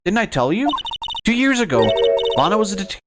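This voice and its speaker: A bouncy, excitable teenage girl who gushes about science, as a man puts her on while playing a game. Her voice leaps high with emphatic, eager lines. Loud game music plays underneath. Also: brisk. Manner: bubbly, emphatic, high-pitched. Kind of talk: let's-play voicing of game dialogue.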